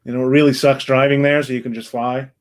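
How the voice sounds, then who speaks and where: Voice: medium pitch, little pitch movement, quick pace. Laid-back joking co-host. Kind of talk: casual video call chat.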